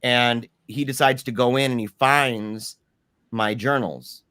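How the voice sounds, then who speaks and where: A young man telling his personal story in a candid, animated way with slangy asides. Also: mid-range voice, takes it slowly, clean tone, dry recording.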